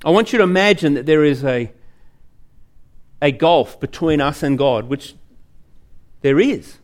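Aussie preacher, high voice, earnest, tells it like a story. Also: male voice, expressive, unhurried. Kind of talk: sermon.

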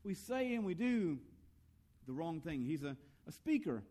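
Earnest, slightly high-voiced male preacher. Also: unhurried. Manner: earnest, lively preaching with rhetorical questions; storytelling about his own youth. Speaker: pastor. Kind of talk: sermon.

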